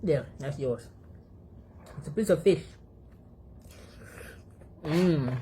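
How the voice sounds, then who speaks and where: A woman's voice: sits low, expressive, extremely slow, dark tone, slight background noise. A woman from Africa, chatting casually to her phone and her dog between mouthfuls and humming as she chews. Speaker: vlogger. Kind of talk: casual eating vlog chat.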